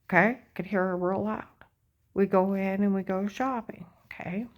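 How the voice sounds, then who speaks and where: A woman's voice: medium pitch, fairly even intonation, normal speed, dull audio. A woman talking in a rambling, agitated personal monologue, full of fillers and repeated check-ins. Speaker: vlogger.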